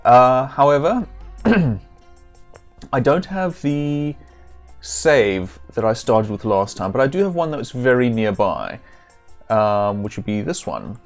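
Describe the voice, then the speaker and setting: A man casually talking through a video game on a stream, chatty and self-deprecating. His voice sits in a middle range, and he often pauses to clear his throat. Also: mid-range voice, lively intonation, soft background music. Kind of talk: casual game commentary and reading.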